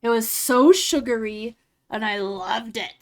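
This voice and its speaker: A woman's voice: fairly high pitch, measured pace. A woman streamer chatting casually with her live chat while she edits photos. She rambles along, fills her talk with "like" and laughs easily.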